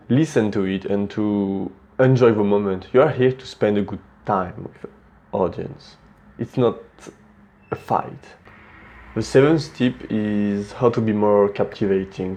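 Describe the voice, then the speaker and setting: Low-voiced man with a French accent. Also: dull audio. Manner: relaxed and plain-spoken, frequent small restarts. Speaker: presenter giving speaking tips. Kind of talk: casual instructional talk.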